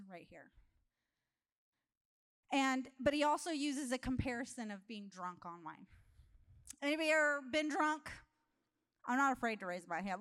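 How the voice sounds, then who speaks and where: A woman preaching a humorous sermon in a conversational style, telling animated stories and laughing often. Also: high voice, measured pace, long pauses, clean tone. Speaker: guest preacher.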